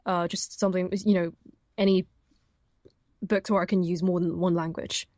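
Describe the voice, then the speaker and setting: A woman's voice: fairly low pitch, flat delivery, normal speed, a little mellow, dry recording, lo-fi sound. A young woman, an audiobook narrator, chatting casually as an interview guest, with many fillers and frequent laughs. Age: young adult.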